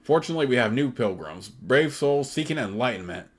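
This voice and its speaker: A man's voice: mid-range voice, animated, a little fast, breathy edge. A man voicing a zealous, endlessly optimistic male pilgrim leader as he reads a video game's dialogue aloud, earnest and pleading.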